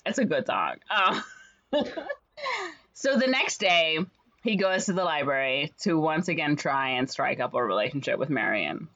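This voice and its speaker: Woman, casual podcast chatter, lowish pitch, muffled lo-fi sound, playful character voices. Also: moderate pace. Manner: animated retelling with frequent fillers and playful put-on voices. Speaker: podcast co-host retelling a musical. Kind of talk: casual chat.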